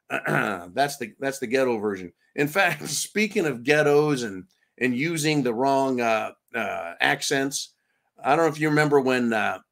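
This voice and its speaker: A man's voice: mid-range voice, fairly bright tone. A man hosting a livestream, reading viewer comments and mocking the news in a sarcastic, casual way with many fillers. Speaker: livestream host.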